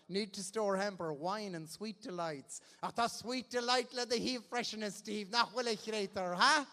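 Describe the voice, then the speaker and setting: A lively man with an Irish accent, his voice sitting high, calls out raffle prizes on a stage mic. He jokes with the crowd and switches between Irish and English. His voice rings through a big echoing hall. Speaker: event host running a raffle. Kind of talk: bilingual stage announcing. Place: large indoor hall. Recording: echoey hall on a PA.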